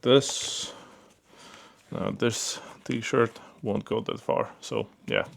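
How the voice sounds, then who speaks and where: Gravelly man reviewing gear casually. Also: fairly low pitch, very slow, noisy background. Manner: relaxed, repeats fillers like "pretty cool" and "yeah"; handles the gear while talking. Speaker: product reviewer.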